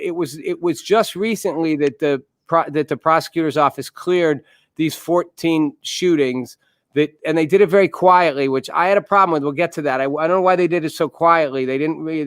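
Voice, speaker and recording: A man's voice: on the high side, brisk, dry recording, studio quality. A man hosting a live video talk show, asking questions casually and restarting his sentences. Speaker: host.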